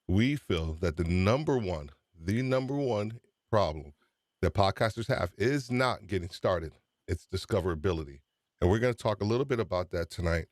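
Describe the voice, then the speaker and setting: A man's voice: sits low, expressive, moderate pace, no echo, clean studio sound. A man hosting a live-streamed podcast show, chatty and upbeat, teasing his guest. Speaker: host.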